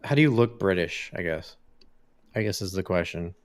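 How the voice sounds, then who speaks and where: A man's voice: sits low, animated, moderate pace. A man co-hosting a podcast in casual chat, laid-back, swearing freely and laughing often. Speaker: podcast co-host.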